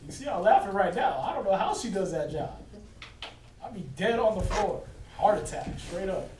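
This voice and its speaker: A man leads a loose Bible class, cracking jokes and laughing as he preaches. His voice sits high for a man, and it sounds roomy, picked up from across the room with a noisy hiss behind it. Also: lively intonation, moderate pace. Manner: joking, laughing often, preachy asides. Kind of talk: casual Bible teaching. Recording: roomy distant recording with noise.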